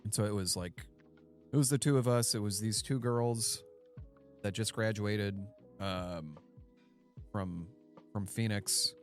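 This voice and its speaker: A man co-hosting a casual podcast, telling travel stories in a relaxed, laid-back way. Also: lowish voice, takes it slowly, long pauses, soft background music. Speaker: podcast co-host. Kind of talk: casual chat.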